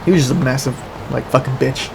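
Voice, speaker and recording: A man's voice: mid-range voice, fairly even intonation, fast, vocal fry, noisy background. A man chatting casually over gameplay, telling a story in a rambling, profane way with lots of restarts. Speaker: gaming streamer. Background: game music.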